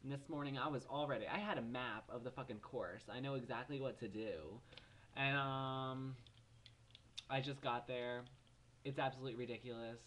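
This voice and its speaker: A man's voice: medium pitch, moderate pace, a little hiss or hum. A seventeen-year-old young man from New Jersey, ranting animatedly and profanely in a casual vlog. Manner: animated, profane, exasperated storytelling. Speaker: vlogger.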